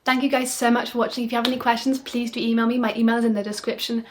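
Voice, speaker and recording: A woman from the UK tutors straight to the camera, fast and emphatic. Her voice sits a little high, and she stops often to check in with the viewer. She plays up her tone to make each point land. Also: a little hiss or hum. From United Kingdom. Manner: animated, playing up phrases with dramatic tone. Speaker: French exam tutor. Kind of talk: video lesson monologue.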